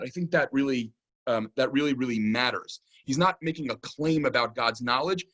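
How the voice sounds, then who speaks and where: A man, lecturing as a rabbi on a psalm in a thoughtful, explanatory way, often pausing with "um" and checking in with "right?". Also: medium pitch, fairly bright tone. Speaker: rabbi teaching a keynote lecture.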